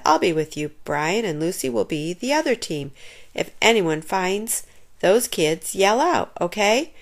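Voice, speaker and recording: Woman reading a kids' chapter book aloud. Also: on the low side. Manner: expressive read-aloud, lively character voices. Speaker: storyteller.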